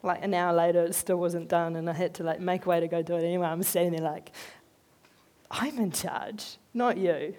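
A woman giving a conversational sermon, telling animated, chatty stories in an everyday voice. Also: fairly low pitch, fast, few pauses. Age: adult, working as a head teacher. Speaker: lay speaker giving a talk.

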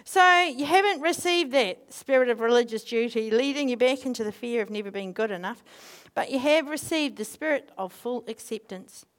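A woman giving an informal sermon, mixing scripture with animated personal stories. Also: high voice. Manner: animated, acts out quotes in voices, laughs. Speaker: speaker.

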